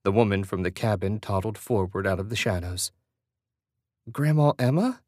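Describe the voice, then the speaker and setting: A man narrating a horror novel aloud in a steady storytelling manner. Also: deep voice, fairly quick, dry recording, clean studio sound. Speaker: audiobook narrator. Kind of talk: scripted narration.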